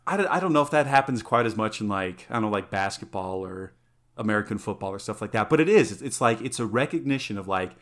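A man co-hosting a podcast, chatting casually in an animated, rambling way with lots of "like.". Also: lowish voice, fast. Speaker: podcast co-host. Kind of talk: casual chat.

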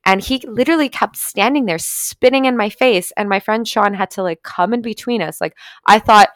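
A young woman telling a personal story in a casual, animated way, full of "like" and "literally" and swearing. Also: medium pitch, normal speed, no echo.

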